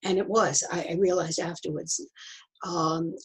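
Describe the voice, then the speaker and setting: Woman, 80s, memorial storyteller; low, husky voice, measured delivery. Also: low-quality recording. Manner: steady, measured retelling of family history. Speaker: Holocaust survivor speaker at a memorial program. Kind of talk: personal storytelling talk with slides.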